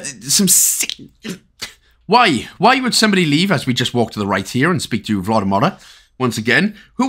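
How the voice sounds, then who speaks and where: A man's voice: mid-range voice, pushed and bright. A Welsh man giving a chatty, casual game walkthrough, full of rambling asides and jokes. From Wales. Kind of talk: casual gameplay commentary.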